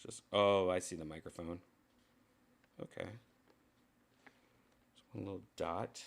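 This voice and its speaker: A man's voice: deep voice, fairly even intonation, slow pace, gravelly. A man livestreaming casual chat to his viewers, loose and rambling, swearing casually as he tests gear. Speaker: vlogger testing a VR headset mic.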